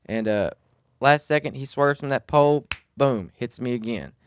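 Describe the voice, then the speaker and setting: A man, co-hosting a podcast, telling a story in a casual, animated way and swearing freely. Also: medium pitch, normal speed, clean tone. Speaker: podcast co-host.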